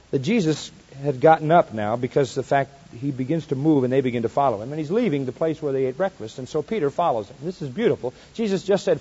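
A man preaching an expository sermon, swinging between soft, quiet asides and loud, emphatic points, and slowing right down to stress key verses. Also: medium pitch, breathy edge, lo-fi sound. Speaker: pastor.

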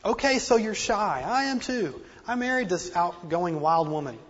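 A man's voice: sits high, animated, normal speed, a bit bright, slight background noise. A man preaching a sermon with earnest, self-deprecating emphasis and a slight speech impediment. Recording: dull lo-fi recording in a reverberant hall.

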